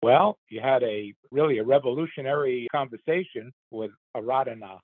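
A man's voice: medium pitch, normal speed, slight background noise. An older man, the host's father, rambling earnestly through his opinions in a casual commentary. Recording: tinny phone line.

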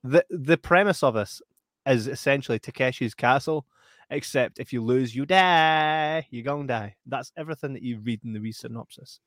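A man's voice: mid-range voice, moderate pace, a bit bright, dry recording, clean studio sound. A man co-hosting a live stream, chatting casually, laughing often and reading out comments. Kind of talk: casual chat.

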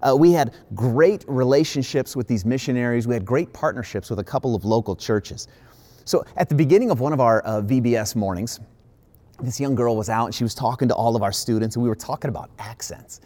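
A man's voice: medium pitch, brisk, darkish tone. Conversational Midwestern man preaching. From Midwestern United States. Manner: conversational, emphatic preaching with many "like" asides. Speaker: pastor. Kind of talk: sermon.

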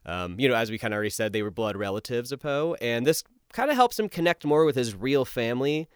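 A man's voice: mid-range voice, animated, quick pace, smooth, dry recording, studio quality. A man co-hosting a casual podcast chat, rambling with lots of fillers. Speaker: podcast co-host.

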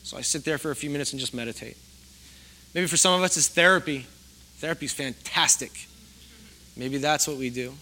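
A middle-aged man gives a sermon in a relaxed, chatty way. His voice is bright and sits a little high for a man. He pokes fun at himself and keeps asking the congregation questions. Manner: conversational, self-deprecating, asks the audience questions. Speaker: pastor.

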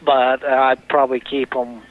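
A man's voice: medium pitch, flat delivery, moderate pace. Matter-of-fact man on a muffled phone line. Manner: plain, matter-of-fact, helpful. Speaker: store clerk answering a phone. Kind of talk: phone conversation.

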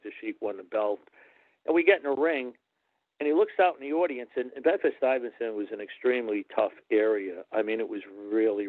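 A man's voice: mid-range voice, dry recording. A man, a former wrestling referee, telling stories as an interview guest and acting out the people he quotes. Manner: animated, quotes others in character. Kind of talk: anecdotal interview storytelling. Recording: tinny phone-like line, dry.

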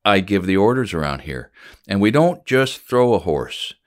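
A man reading the part of a calm, firm older blacksmith who gives steady commands. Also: lowish voice, normal speed.

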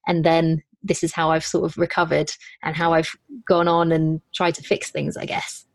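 A woman's voice: low voice, completely flat delivery, normal speed, dry recording. A woman running a podcast and a business, chatting in an interview in a self-deprecating way, with frequent restarts. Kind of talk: casual interview chat.

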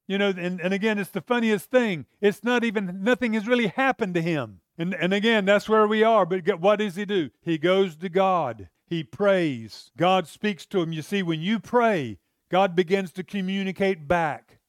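Male preacher, high clear voice, dry close sound, fervent sermon delivery. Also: moderate pace, no echo. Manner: impassioned, rhetorical questions to listeners.

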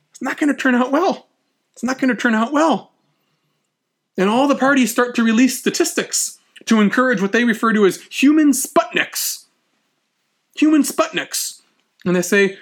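A man giving a history lecture in an animated way, acting out quotes and often restarting his words. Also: very high voice, normal speed.

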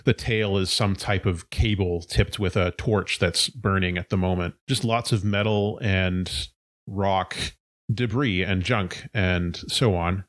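A man with a deep, low-pitched voice narrates a tabletop game as its game master. He describes scenes in a loose, searching way, stopping for filler words as he goes. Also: a bit bright.

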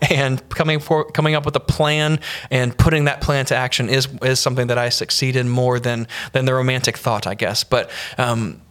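A man hosting a church podcast, telling a personal story in a casual, halting way with many fillers and restarts. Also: medium pitch, flat delivery, a bit bright, smooth.

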